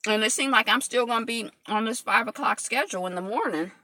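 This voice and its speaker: Bright, chatty woman live-streaming. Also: fairly high pitch, fast talker, no room sound. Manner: chatty, reads out and answers viewer comments between bites; loose, rambling talk full of fillers. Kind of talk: casual mukbang live chat. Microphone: phone camera.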